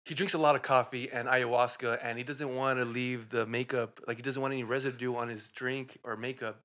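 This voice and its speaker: A man's voice: medium pitch, level tone, a little fast, a bit bright. A man co-hosting a casual improv comedy video, joking and laughing often. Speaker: co-host. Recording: dull lo-fi sound.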